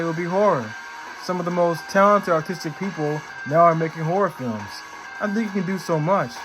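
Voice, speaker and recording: A man's voice: a little high, lightly acted, rough recording. A man doing an offbeat, drawling impression of a famous male movie actor while reading the actor's quotes. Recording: clear background music.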